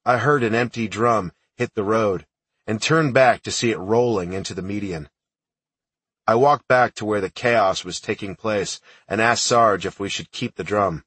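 A man narrates an audiobook in the first person, matter of fact and unhurried. His voice is a little low and husky. It is recorded close and dry, with no room sound at all. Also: a bit bright, no echo, recorded from a distance. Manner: plain, matter-of-fact storytelling.

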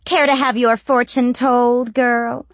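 A woman's voice: a little high, flat delivery, takes it slowly, no echo, voice pushed up. A woman playing a crooning old crone witch. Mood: crooning menace. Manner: crooning, cackling, taunting. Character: old crone witch fortune-teller, sly, menacing.

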